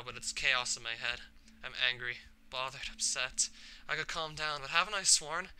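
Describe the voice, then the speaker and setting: A man's voice: medium pitch, bright, forceful tone, a little hiss or hum. A man reading aloud as a troubled, shy teenage girl from a visual novel, emotional, his voice climbing into cries.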